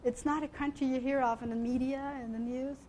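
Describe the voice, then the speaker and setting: A high-pitched woman speaks to a congregation as a missionary and tells her story with lively energy. She acts out the lines of the people she quotes and laughs often. There is a faint hum of room noise behind her. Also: brisk. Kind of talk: testimony talk to a congregation.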